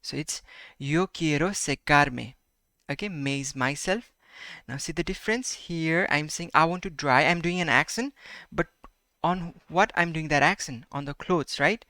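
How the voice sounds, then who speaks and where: A man teaching a Spanish grammar lesson, his voice bright and forceful and recorded up close with a dry sound. He repeats each example slowly and keeps checking in with "right?" and "okay?". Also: fairly high pitch, no echo.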